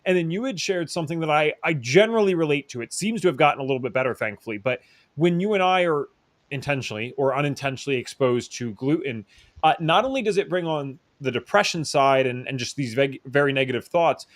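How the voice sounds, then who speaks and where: A male podcast host with a somewhat high voice talks through ideas thoughtfully, often pausing to correct his wording. The sound is dry and close, with no room echo. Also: lively intonation. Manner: thoughtful, reaches for analogies, self-correcting. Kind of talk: conversational podcast chat.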